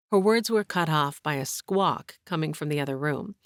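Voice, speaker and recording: A woman narrates an audiobook with steady, even storytelling. Her voice sits low and the recording is close and very dry, with no room sound. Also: moderate pace, hardly any pauses, no room sound. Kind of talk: scripted narration.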